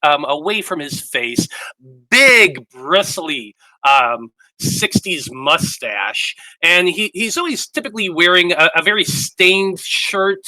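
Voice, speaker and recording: Slow, bright-voiced chatty man. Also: high voice, expressive, no echo, poor audio. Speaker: player. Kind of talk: casual character introduction.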